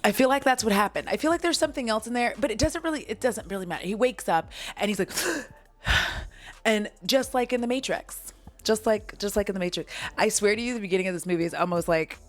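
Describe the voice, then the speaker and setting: A woman's voice: medium pitch, fairly quick, soft background music. A woman hosting a casual movie recap vlog, giggly and rambling, with plenty of swearing.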